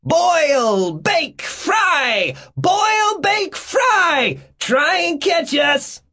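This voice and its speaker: A man's voice: fairly low pitch, big pitch swings, measured pace, a little mellow, slightly rough, no room sound, studio quality, heavily acted. A man reading an audiobook, voicing a gleeful reckless young man who giggles and whoops taunts. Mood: whooping.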